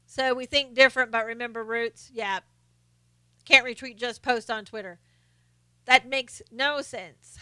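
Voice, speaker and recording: A woman's voice: a little high, steady tone, a little slow, sharp tone, smooth, no echo. A woman hosting a casual live stream, chatting and laughing as she reads viewer comments aloud. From Southern United States.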